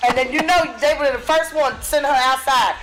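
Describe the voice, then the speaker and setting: A woman's voice: sits high, a little fast, heavy background noise. A woman from Texas with a Texan accent, co-hosting a casual chat podcast and chiming in with short agreeing remarks. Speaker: podcast co-host.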